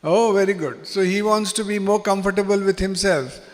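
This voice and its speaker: A man leading an interactive workshop, quizzing the audience and joking in an animated way. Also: sits high, a little fast. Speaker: workshop facilitator. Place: seminar hall. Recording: long hall reverb.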